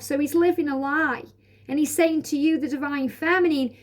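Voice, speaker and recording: A woman's voice: sits high, fairly even intonation, normal speed. A woman doing a spiritual card reading, reading each card's message aloud and explaining it in a soothing, reassuring way, recorded outdoors. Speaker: tarot card reader.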